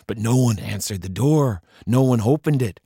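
A man telling a story from his own childhood as a performed piece, acting out the voices and dropping to a hush for suspense. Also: mid-range voice, animated, moderate pace, breathy edge, no room sound, studio quality. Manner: acts out the children's voices, drops to hushed tones for suspense.

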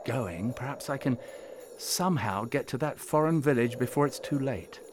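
A man's voice: medium pitch, expressive, moderate pace, noisy background, lightly acted. A man voicing a bearded flying saint who calls out eagerly and speaks with a raised voice, in a storybook reading. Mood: hopeful.

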